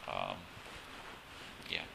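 A man's voice: extremely slow, noisy background. A pastor preaching a conversational sermon, often asking the congregation questions and restarting his phrases.

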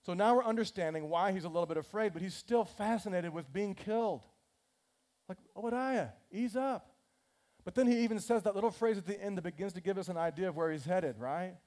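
A male pastor preaching a sermon in a lively, conversational way, often acting out the characters. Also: high voice, fast talker. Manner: animated, conversational, acts out scripture characters.

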